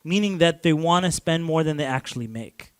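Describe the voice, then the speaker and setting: A man's voice: fairly high pitch, animated, brisk, smooth, no echo. A man from Canada giving a casual lecture to a class, talking loosely with lots of "like" and restarts and chuckling often.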